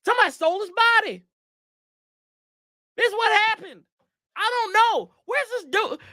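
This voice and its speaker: A man's voice: very high-pitched, pushed and bright, no echo, studio quality. A man hosting a casual sports show, ranting in a rambling, exasperated way with slangy asides to his viewers. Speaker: sports podcast host.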